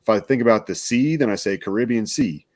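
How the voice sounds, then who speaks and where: A man co-hosting a casual soda review, chatty and quick to laugh, rambling through his explanations. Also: mid-range voice. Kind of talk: casual chat.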